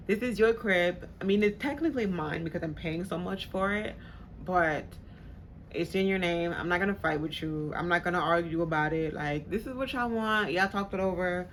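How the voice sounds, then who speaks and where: A woman's voice: mid-range voice, fairly bright tone, slight background noise. A woman vlogger telling a personal story in casual, slangy talk. She swears freely and acts out the people she quotes.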